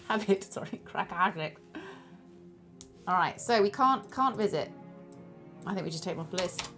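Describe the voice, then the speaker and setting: A woman's voice: mid-range voice, lively intonation, moderate pace, pauses often, a bit bright, faint music behind. A woman streaming a detective board game, chatting casually, thinking aloud and thanking viewers as she plays. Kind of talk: casual chat while playing a board game.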